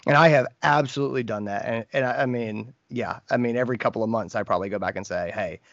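A man's voice: mid-range voice, fast, vocal fry, fairly bright tone, dry recording. Earnest man hosting a vet podcast. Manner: earnest, many restarts and quoted asides. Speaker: podcast host, veterinarian. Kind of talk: casual podcast chat. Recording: dry, dull lo-fi sound.

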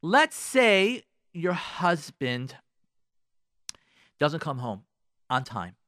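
A man's voice: on the high side, big pitch swings, drawn-out words, sharp tone, dry recording, clean studio sound. A man giving marriage advice on a radio talk show, preaching with rhetorical questions and repetition. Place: radio studio.

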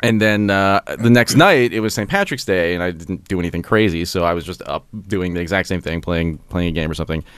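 A man's voice: low voice, brisk, few pauses, a bit bright, smooth, no echo. A man casually telling a funny story on a podcast, stammering and restarting as he goes. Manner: rambling, stammering restarts, laughs through it.

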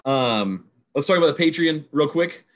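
Halting male podcast co-host. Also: a little high, animated. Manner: halting, rambling with restarts. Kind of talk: casual chat.

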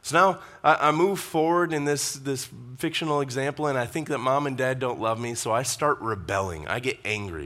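A man's voice: mid-range voice, normal speed, hardly any pauses, pushed and bright. A man preaching a conversational sermon, with asides to the congregation. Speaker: pastor.

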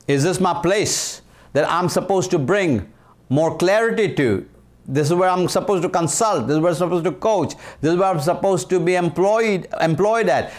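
With a voice on the high side, a sixty-something Indian man with an Indian accent speaks emphatically about leadership and motivation. He repeats his key phrases and slows down to deliver the punch lines.

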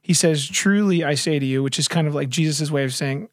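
A man's voice: fairly high pitch, brisk, no echo, clean studio sound. A man talking earnestly in a casual faith discussion, retelling a story with lots of fillers and restarts.

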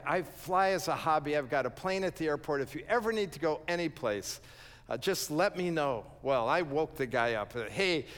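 A pastor telling a humorous story in a sermon, acting out the quoted lines and laughing at himself. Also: male voice, fairly high pitch, fairly bright tone. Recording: long reverb of a large hall.

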